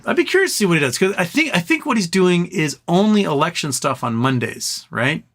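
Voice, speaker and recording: A man hosting a live stream, rambling in a relaxed way and reading out viewer comments. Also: high voice, brisk. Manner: rambling, laid-back, reads chat comments aloud. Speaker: livestream host. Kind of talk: casual livestream chat.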